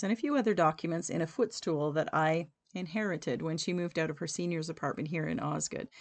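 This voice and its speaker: A woman hosting a local community show, reading local history and an old newspaper clipping aloud in a measured, steady way. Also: lowish voice, gravelly. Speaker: community podcast host.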